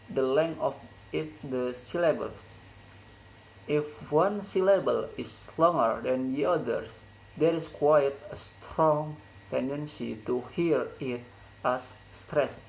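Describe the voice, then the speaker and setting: Slow, gravelly young man reading a lesson. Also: mid-range voice, rough recording. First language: Indonesian. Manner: slow, careful reading with stumbles over phrasing. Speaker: student presenter. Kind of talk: read classroom presentation.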